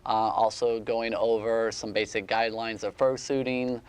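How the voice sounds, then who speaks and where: A man's voice: fairly low pitch, steady tone, moderate pace, smooth. A man hosting a casual convention panel, explaining plainly and laughing easily. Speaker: panel host.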